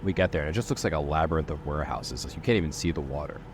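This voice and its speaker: A man's voice: rumbling low, animated, rapid-fire, noisy background. A man running an improvised tabletop role-play as game master, telling the story loosely with lots of fillers.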